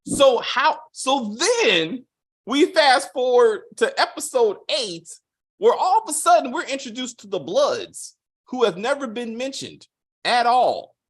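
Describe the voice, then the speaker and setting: A man's voice: very high-pitched, measured pace, slightly rough. A man reviewing a TV series in casual, profane chat, mocking the plot with acted-out quotes. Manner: animated, swearing, mocking retellings with acted quotes. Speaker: TV show reviewer.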